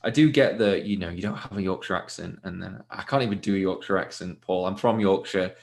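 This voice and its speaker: A man's voice: low-pitched, brisk, vocal fry. A man in his twenties from Leeds, a tech founder talking casually as a podcast guest, laughing easily. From Leeds, England. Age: 20s. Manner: casual, many fillers and restarts, laughs easily. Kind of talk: podcast interview.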